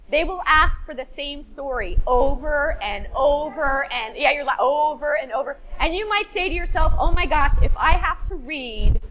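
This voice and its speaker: A middle-aged woman leads a participatory storytelling workshop. Her voice sits very high and bright and bounces around expressively. She talks slowly and keeps coaxing the listeners to join in. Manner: animated, coaxing the audience to join in. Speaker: storyteller and teacher trainer.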